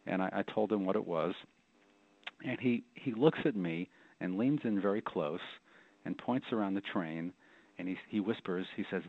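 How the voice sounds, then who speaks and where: A man's voice: lowish voice, moderate pace, no room sound. A middle-aged man, a rabbi and author, telling his story as an interview guest in a reflective way, often repeating words as he goes. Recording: dry, tinny phone line.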